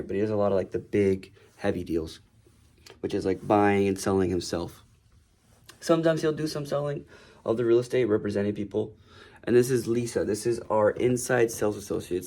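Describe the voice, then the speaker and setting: A real estate agent with a fairly low, darkish voice gives a casual, rambling tour of his indoor office. He talks loosely and uses many fillers.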